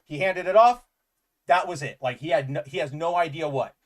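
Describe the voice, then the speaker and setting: Talking at a moderate pace in a slightly high voice, this podcast co-host chats casually about comics. His delivery is eager and meandering, packed with "like" as a filler.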